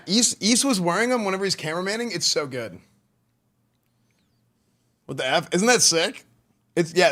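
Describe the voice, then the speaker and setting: Male streamer, a little high-voiced, loose casual reaction chatter. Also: fairly bright tone. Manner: loose, rambling, says "like" and "dude" a lot. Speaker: livestreamer reacting to clips. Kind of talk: casual chat.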